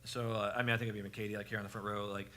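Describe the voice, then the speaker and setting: A man on a church parenting panel, telling a story with a self-deprecating, halting delivery full of restarts. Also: lowish voice, little pitch movement, sharp tone, a little hiss or hum.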